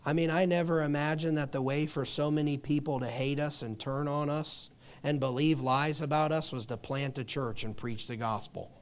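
Here a middle-aged pastor with a high voice tells stories passionately in his sermon, moving from soft, hushed moments to loud, emphatic climaxes. His tone is steady and clean, and his pace moderate.

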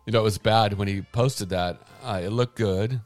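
A man's voice: on the low side, normal speed, a little mellow, faint music behind. A man co-hosting a casual morning show, laid-back, drifting into mock quotes as he talks. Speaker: co-host.

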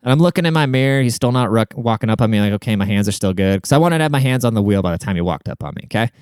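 A man's voice: lowish voice, animated, racing, darkish tone, clean tone, no room sound, clean studio sound. A young man from Washington State telling a story in a casual, rambling monologue, swearing often and checking in with his listener as he goes. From Washington State, USA. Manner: rambling, profane, conversational.

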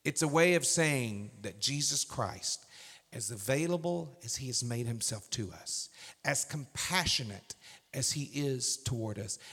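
A male pastor preaching a sermon, swinging from hushed whispers to loud, emphatic bursts. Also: medium pitch. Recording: reverberant hall.

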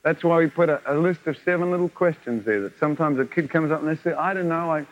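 A man's voice: a little high, fast. A man preaching at a revival meeting, telling stories and acting out the dialogue with chuckles. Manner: animated, acts out quoted dialogue, chuckles often. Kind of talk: revival sermon with storytelling. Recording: lo-fi 1970s tape of a live meeting.

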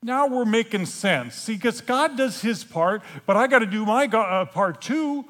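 Slow, animated man preaching a story sermon. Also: sits high. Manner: animated, acts out scenes with playful humor; halting, with frequent restarts.

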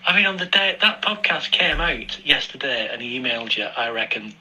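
A man's voice: mid-range voice, animated, fairly quick, bright, forceful tone, rough recording. A British man from the UK talking casually in a recorded voice message to a podcast, chatty and swearing a lot. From United Kingdom. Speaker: listener sending a voice message.

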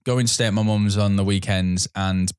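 Low-voiced man hosting a podcast. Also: normal speed, smooth. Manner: steady, guides the episode, reads out plot. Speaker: podcast host. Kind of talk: casual chat.

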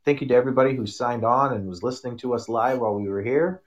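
A man's voice: medium pitch, quick pace, highs cut off. Laid-back Canadian man chatting. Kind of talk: casual chat.

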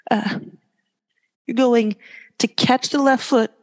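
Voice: medium pitch, fairly even intonation, takes it slowly, in a large hall. A yoga teacher cues poses and breathing during a live class, with casual, joking asides between the cues.

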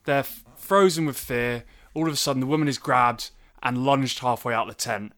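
A man's voice: mid-range voice, moderate pace, fairly bright tone. A man co-hosting a podcast, eagerly retelling a film plot in casual chat. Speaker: podcast co-host.

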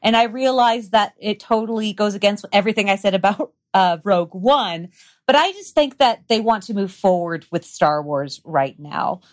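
A woman's voice: mid-range voice, animated, moderate pace. A woman chatting as a guest on a podcast, enthusiastic and opinionated. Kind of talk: casual chat.

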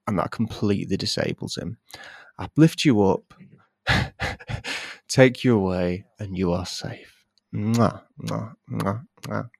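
A man with a low, gravelly voice spins absurd improvised stories, his pitch leaping all over as he giggles through them. He takes his time, unhurried and dry in a close, dead room. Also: dry recording. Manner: animated, playful, trailing into giggles. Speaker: podcast co-host. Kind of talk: improvised comic storytelling.

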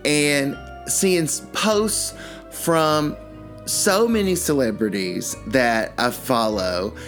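An older man co-hosting a podcast, telling stories in a rambling, animated way with many restarts. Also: medium pitch, slow pace, soft background music. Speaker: podcast co-host. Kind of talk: casual chat.

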